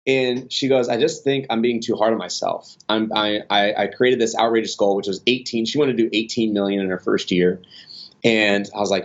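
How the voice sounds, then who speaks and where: A man's voice: on the low side, brisk, lo-fi sound. A man guest on a podcast, telling business stories in a casual, rambling way with lots of restarts. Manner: rambling, many restarts and fillers, animated in stories. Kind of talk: casual conversational storytelling.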